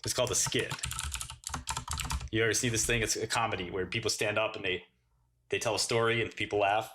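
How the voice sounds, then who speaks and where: A man's voice: on the low side, steady tone, a little fast, sharp tone. A man hosting a casual livestream, mocking chat with sarcastic riffs and bursts of laughter. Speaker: livestream host.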